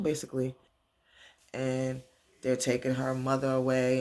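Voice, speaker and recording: A man's voice: medium pitch, steady tone, normal speed, darkish tone. A man casually recapping a TV episode, rambling along with many fillers and restarts. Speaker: TV recap vlogger.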